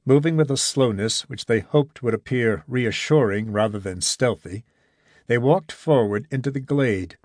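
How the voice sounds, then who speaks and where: A man narrating a story in a measured, even reading voice. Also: mid-range voice, no echo, clean studio sound. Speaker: audiobook narrator. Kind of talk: scripted narration.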